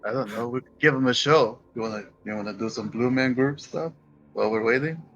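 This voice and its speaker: Male player, bright and jokey, muffled lo-fi audio. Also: mid-range voice, fairly quick. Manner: joking. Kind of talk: casual tabletop play. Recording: dull lo-fi mic.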